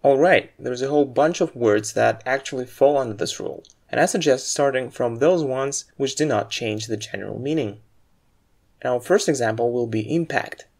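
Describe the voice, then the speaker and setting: In a scripted aviation English lesson, a man with a mid-range, darkish voice explains word stress clearly and at a measured pace, then reads example sentences.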